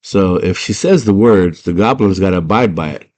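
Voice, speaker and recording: Sneaky goblins as a man does them, low and muttering, conspiratorial, deep. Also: expressive, normal speed, a little mellow. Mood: conspiring. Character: sneaky little puppet goblins, gossipy.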